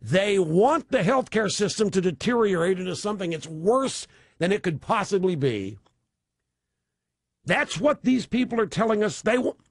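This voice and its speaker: A male radio host riffs through a sarcastic, opinionated monologue with mocking asides. His voice sits high and swings widely in pitch, with a husky grain. The sound is close and dry. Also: lively intonation, moderate pace, no echo. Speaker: radio talk show host.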